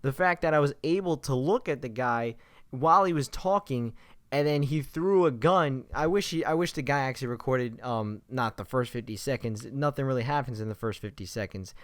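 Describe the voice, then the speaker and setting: An enthusiastic young man talks through his gaming impressions in a loose, rambling way, full of fillers and restarts. His voice sits at an ordinary middle pitch. The sound is dry and close, with little room echo. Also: fairly quick. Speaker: gaming vlogger.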